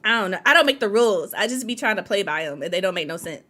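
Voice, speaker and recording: A woman hosting a casual livestream chat, chatty and quick to laugh as she talks straight to her viewers. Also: medium pitch, expressive, bright, forceful tone. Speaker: podcast host.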